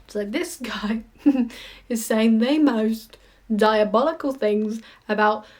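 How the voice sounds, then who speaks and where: A woman ranting in a casual vlog, animated, sweary and mocking. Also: fairly high pitch, takes it slowly. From United Kingdom. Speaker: vlogger. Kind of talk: casual ranting monologue to camera.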